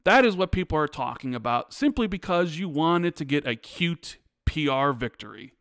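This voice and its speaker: A man with a notably high voice holds forth on a podcast, emphatic and animated, hammering points through repetition. The sound is dry and close, with no room around it. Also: normal speed, no echo. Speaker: podcast co-host. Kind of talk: casual podcast chat.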